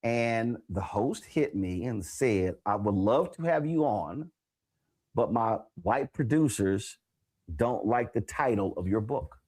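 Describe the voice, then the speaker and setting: A man hosting a talk show and interviewing an author, telling stories with lively repetition for emphasis. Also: on the low side, slow pace. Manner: animated storyteller, repeats phrases for emphasis.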